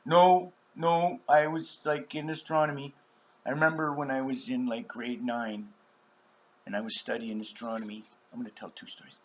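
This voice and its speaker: A middle-aged man in a rambling, profane vlog monologue, dropping to whispers and bursting into shouts. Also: mid-range voice, level tone, normal speed, slight background noise. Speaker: vlogger.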